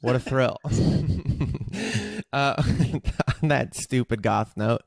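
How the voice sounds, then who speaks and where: A man's voice: medium pitch, very slow, creaky, darkish tone, dry recording, studio quality. A man hosting a podcast, talking candidly and casually, joking one moment and openly emotional the next. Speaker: podcast host.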